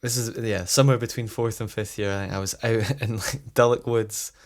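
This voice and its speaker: A man's voice: lowish voice, steady tone, normal speed. A young man telling a rambling school story in casual chat, laughing as he goes. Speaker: podcast co-host.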